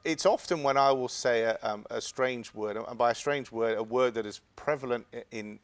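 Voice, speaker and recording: A man's voice: medium pitch, moderate pace. A man with an English accent, a guest in an interview, talking hesitantly with many stammered restarts. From England. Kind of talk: interview conversation.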